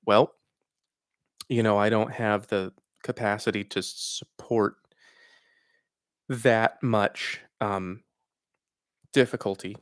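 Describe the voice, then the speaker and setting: Male streamer host, low smooth voice, dry close sound, casual unscripted advice with thoughtful pauses. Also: steady tone, no echo. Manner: reflective, frank advice with pauses and fillers. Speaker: host answering live chat questions. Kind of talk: casual livestream Q&A.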